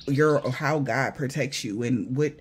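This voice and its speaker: A man's voice: medium pitch, unhurried, slight background noise. A man giving a casual spiritual reading to viewers, blunt, profane and mocking, in loose slangy talk. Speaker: spiritual reader.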